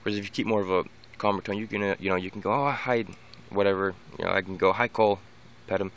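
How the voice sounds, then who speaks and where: In a very fast, flat delivery, a low-pitched man with a slightly bright voice rambles through dog training tips. It's a casual, unscripted vlog monologue peppered with restarts and repeated words.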